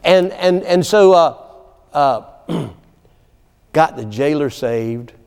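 A man preaches extremely slowly in a fairly high, clear, resonant voice, shaping his sermon into a folksy story. Animated, he laughs in asides and often calls "amen," and long hall reverb fills the recording.

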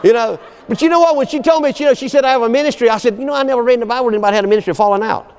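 This male preacher speaks very fast in a very high, clear, resonant voice, spinning his sermon as a homespun tale. Animated throughout, he breaks into laughter and shouts "amen" again and again, all under long hall reverb.

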